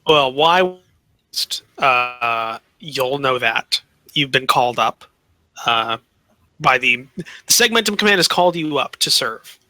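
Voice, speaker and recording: A man with a very bright, forward voice runs a tabletop game in loose, casual talk. He circles back over his own words and restarts phrases as he explains. The sound is dry and close. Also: medium pitch, animated, slow, no room sound. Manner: repeats himself, restarts sentences. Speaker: game master.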